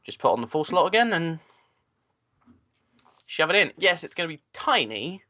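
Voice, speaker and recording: A man's voice: on the high side, very animated, normal speed, pushed and bright, no echo. Male co-host, loose rambling delivery, dull dry recording. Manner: rambling, filler-heavy tech talk. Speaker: podcast co-host. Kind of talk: casual chat.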